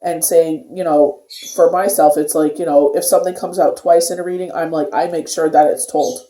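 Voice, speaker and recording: A tarot reader talks through a casual daily card reading in a warm, mellow voice that keeps looping back with loose filler phrases. The sound carries a noticeable room echo around the voice. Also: medium pitch, fairly even intonation, normal speed. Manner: rambling, filler-heavy talk with many "you know"s. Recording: echoey room.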